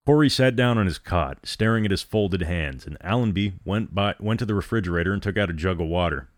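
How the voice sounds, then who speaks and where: Male narrator, very low voice, dry close recording, steady storybook reading. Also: a little fast, no room sound. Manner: reads all characters in a low steady voice. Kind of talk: scripted narration.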